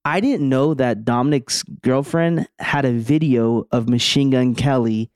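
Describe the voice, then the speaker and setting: Young man with a relaxed, slangy manner. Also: medium pitch, a little slow, smooth, no echo, clean studio sound. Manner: laid-back storytelling with slang, restarts. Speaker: podcast co-host. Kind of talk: casual chat.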